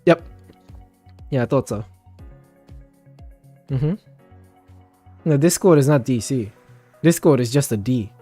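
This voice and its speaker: A man's voice: medium pitch, lively intonation, slow, long pauses, mellow, soft background music. A man hosting a casual voice chat, ranting with plenty of swearing and laughter.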